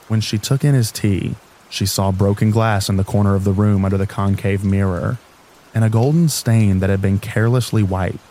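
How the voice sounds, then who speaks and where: Male narrator, low and mellow, calm measured reading. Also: a little hiss or hum, low-quality recording. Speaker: audiobook narrator. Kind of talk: scripted narration of a classic novel.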